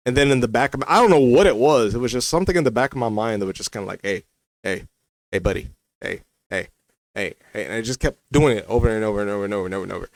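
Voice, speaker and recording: A man's voice: medium pitch, rapid-fire, few pauses, dry recording, poor audio. Rambling man telling a personal story. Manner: rambling, heavy use of "like" and "you know". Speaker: vlogger.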